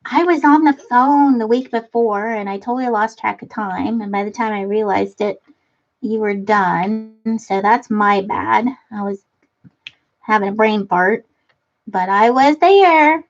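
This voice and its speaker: A woman's voice: mid-range voice, a little slow, dull audio. A middle-aged woman hosting a casual craft livestream from her front room, chatting and giggling with viewers as she reads their comments. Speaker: livestream host. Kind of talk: casual chat while crafting, reading comments. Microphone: computer webcam mic.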